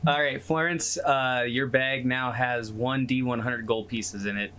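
A man's voice: mid-range voice, fairly even intonation, unhurried, pushed and bright, slight background noise. A man running a tabletop game as game master, talking in a loose, joking way and laughing often. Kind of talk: casual tabletop game narration.

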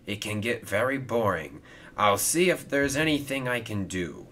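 A man's voice: on the low side, animated, moderate pace, a bit bright, a little hiss or hum. A man voicing a kind, helpful male steam engine in a storybook reading, friendly and earnest.

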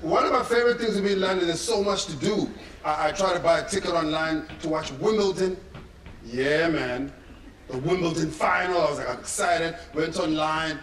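A man's voice: fairly high pitch, normal speed, slight background noise. A man with a South African accent performing a stand-up comedy set, telling stories and acting out quotes. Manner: storytelling with acted-out quotes. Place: comedy venue stage. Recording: echoey distant venue with loud crowd laughter. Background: audience laughter.

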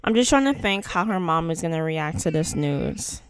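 A woman's voice: low-pitched, lively intonation, normal speed. A woman giving casual, chatty gameplay commentary to her channel's viewers, playful and slangy in her asides. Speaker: gaming channel host.

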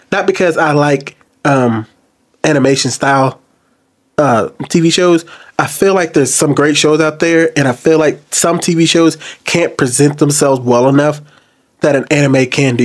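A man commenting on a video clip to his viewers, jumping between loud outbursts and low, quiet asides. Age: adult. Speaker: reaction commentator. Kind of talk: casual commentary to camera.

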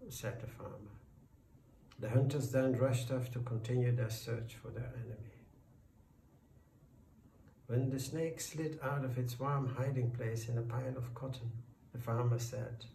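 A man narrating a folk tale in a slow, deliberate storytelling voice. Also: medium pitch, warm tone. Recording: roomy, distant, faint background noise.

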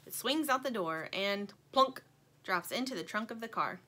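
A woman narrating a children's book in an expressive, playful storytelling manner. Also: medium pitch, normal speed. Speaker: audiobook narrator.

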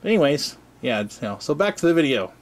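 A man's voice: on the high side, very animated, quick pace, slight background noise. A man hosting an arcade repair video in his garage, talking casually with rambling, self-interrupting asides and chuckles. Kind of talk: casual hands-on repair vlog. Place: cluttered home garage.

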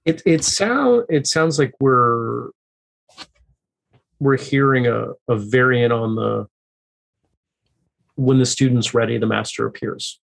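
A man's voice: medium pitch, slow, vocal fry, pauses often, low-quality recording. A man hosting a podcast interview, asking thoughtful questions and rephrasing them at length. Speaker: podcast host.

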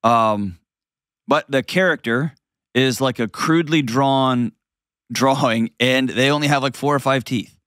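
Talk-show host, male, dry studio sound, mid pitch, lively storyteller who restarts often. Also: no room sound. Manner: animated, storytelling, frequent restarts and quick asides. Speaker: host giving advice. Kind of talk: call-in advice show.

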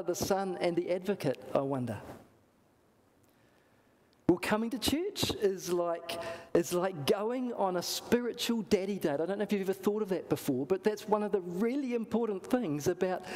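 Man, New Zealand accent, church sermon, high voice, storytelling delivery. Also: darkish tone, big-room sound, a little hiss or hum. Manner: storytelling, acts out quoted voices. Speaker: preacher.

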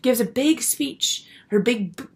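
Guy doing a gravelly fry-voiced girl character, clueless and self-obsessed, rambling on in a comedy bit. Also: extremely high pitch, animated, a little slow, full character voice. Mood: oblivious, aggrieved. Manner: rambling, self-pitying, garbled grammar. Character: vain, oblivious young woman, self-absorbed socialite.

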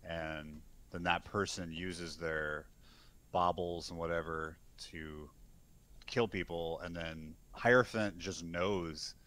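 A man's voice: deep voice, a bit bright. A man taking part in a tabletop role-playing game, talking in a casual, loose and profane way. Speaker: player.

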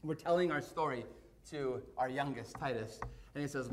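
A middle-aged man, a pastor, telling a story in a sermon, animated and swinging from hushed to excited. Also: medium pitch, moderate pace, very noisy.

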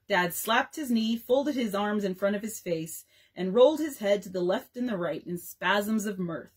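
A young woman librarian reads a bedtime story aloud, her pitch moving a lot as she tells it. Her voice is a little husky and breathy, and her reading is expressive and unhurried.

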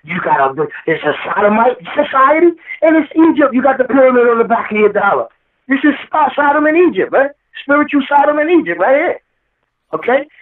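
A man speaking high for his sex, preaching and quoting scripture as he vents, pressing his points again and again. His voice comes through a tinny phone line, distant and echoey. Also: big pitch swings, a little fast. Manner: preachy, quotes scripture, repeats himself heatedly. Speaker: rapper guest. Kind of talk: impassioned interview talk.

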